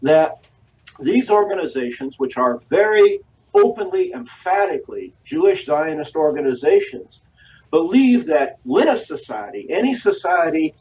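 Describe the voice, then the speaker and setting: A man answers as a guest historian on a radio interview, his voice sitting fairly high for a man. He lectures in a measured way, stringing long lists together with frequent "uh" pauses. The audio sounds dull and lo-fi, and he seems set back from the mic. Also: sing-song, a little mellow, distant mic.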